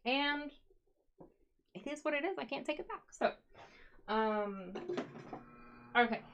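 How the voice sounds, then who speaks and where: A chatty, upbeat woman hosts a casual live stream from her home crafting space, greeting viewers by name as she works. Her voice sits a little on the high side. A faint hiss runs under the recording. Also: animated, takes it slowly, fairly bright tone. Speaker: yarn dyer hosting a live stream.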